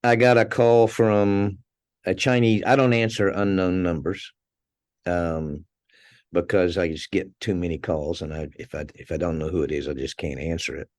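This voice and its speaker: A man's voice: low voice, steady tone, normal speed, darkish tone, no echo. A man being interviewed as a podcast guest, telling anecdotes in a conversational way, chuckling now and then and restarting his words.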